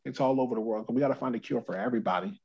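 A man's voice: medium pitch, rapid-fire, vocal fry, mellow, breathy edge, dull audio. A man from New Jersey, talking as a guest in a casual interview over a remote call, upbeat and rambling, often repeating words.

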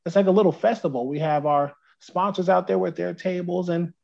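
A man's voice: high voice, a little fast, gravelly, darkish tone, muffled recording. A man from New Jersey, talking as a guest in a casual interview over a remote call, upbeat and rambling, often repeating words.

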